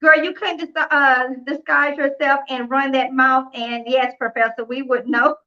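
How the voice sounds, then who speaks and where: A woman hosting a couponing live stream, telling a story in a chatty, animated way, acting out the dialogue and laughing often. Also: sits high, normal speed, highs cut off. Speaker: couponing livestream host. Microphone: phone or computer mic on a live stream.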